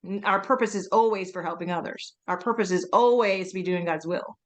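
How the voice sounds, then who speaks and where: Earnest woman podcast co-host. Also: medium pitch. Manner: earnest and quick, laughs often. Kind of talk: faith podcast conversation.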